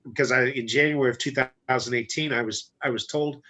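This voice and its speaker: A guest entrepreneur tells a personal story in a casual interview, speaking in a mid-range voice at a brisk pace. He retells it in a blunt, animated way and acts out the dialogue by quoting it.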